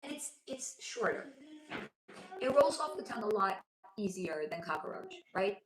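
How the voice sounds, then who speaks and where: A woman's voice: medium pitch, sing-song, normal speed, echoey room, very noisy. A woman hosting a casual livestream at home, chatting affectionately with viewers and reading their comments while losing her voice. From lives in Los Angeles. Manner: chatty, affectionate, reads chat aloud. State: losing her voice, sore throat. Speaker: livestream host, spiritual reader. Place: home room.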